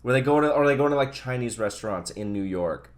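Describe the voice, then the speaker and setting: Lively, argumentative man chatting. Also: medium pitch, fast. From Canada. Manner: lively, argumentative, laughs often. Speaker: podcast co-host. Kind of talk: casual chat.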